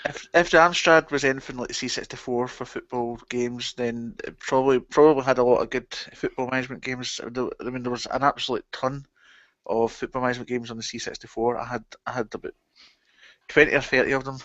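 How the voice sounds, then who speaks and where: A man's voice: mid-range voice, steady tone, a little fast, fairly bright tone, no room sound. A man co-hosting a casual livestream, talking hesitantly with many ums. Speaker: livestream co-host. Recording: dull, lo-fi dry sound.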